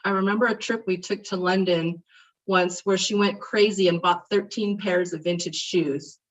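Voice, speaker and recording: A middle-aged woman speaks at a memorial service, delivering a heartfelt eulogy about a beloved friend and becoming animated while retelling stories. She has a fairly low voice at normal speed, and the mic is distant and muffled.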